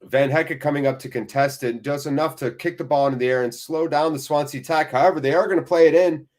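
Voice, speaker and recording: A man hosting a live football watchalong, mixing casual play-by-play with rambling chat asides in an excitable way. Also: on the high side, fast talker.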